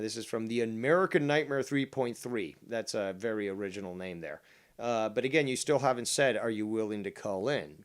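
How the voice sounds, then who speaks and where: A man hosting a live call-in show, answering in sarcastic, drawn-out retorts full of ums and uhs. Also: fairly low pitch. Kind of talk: casual live call-in chat.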